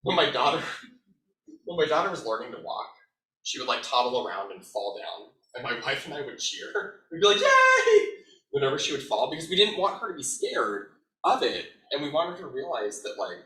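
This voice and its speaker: A man in his thirties presenting to an audience in a casual, animated way, his bright voice swinging widely in pitch. He sounds a little away from the microphone in a reverberant room. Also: fairly quick. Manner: conversational, animated, lots of "like". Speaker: educator presenter. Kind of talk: conference presentation. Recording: echoey room, mic at a distance.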